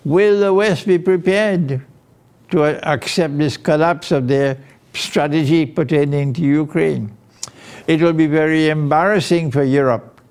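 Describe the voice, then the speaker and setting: Slow, deliberate male Islamic lecturer. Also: on the high side, darkish tone, clear, resonant tone. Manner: slow, deliberate, emphatic delivery with pauses between phrases. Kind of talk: recorded religious lecture.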